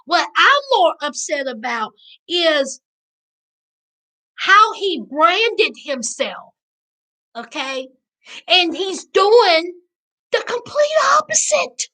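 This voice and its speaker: A woman hosting a live-stream recap, chatting with her viewers in an animated, preachy way. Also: very high voice, drawn-out words, long pauses. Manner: animated, preachy, Southern slang, addresses chat as y'all. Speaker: reality TV recap host.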